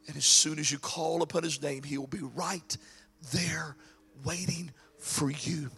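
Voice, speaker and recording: A male pastor preaching a sermon, swinging from hushed, drawn-out lines to shouted climaxes. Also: on the high side, steady tone, vocal fry, husky, soft background music.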